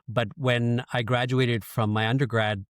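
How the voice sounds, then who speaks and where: A man's voice: medium pitch, level tone, measured pace, clear, resonant tone, no echo, clean studio sound. A man from Canada, a podcast guest in his thirties, candidly telling an emotional personal story and swearing now and then. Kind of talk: casual storytelling interview.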